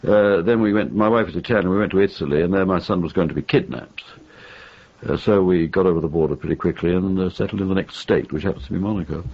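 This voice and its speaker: A very low, gravelly older English man answers interview questions with wry, firm opinions, stopping and restarting often. His voice is husky, and the archival tape sounds dull and lo-fi. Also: fast. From England. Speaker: interview guest, novelist. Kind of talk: conversational interview.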